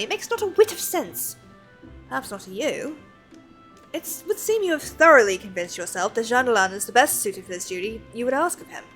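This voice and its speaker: A woman's voice: fairly high pitch, fairly bright tone, low-quality recording. A woman voicing an earnest young nobleman in an attempted French accent, speaking in a formal, old-fashioned way. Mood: indignant.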